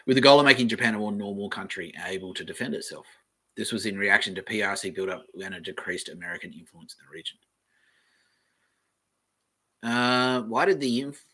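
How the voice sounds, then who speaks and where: A man's voice: lowish voice, bright, forceful tone, husky. An Australian man hosting a solo podcast, reading aloud in a meandering, offhand way and swearing casually. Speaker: podcast host.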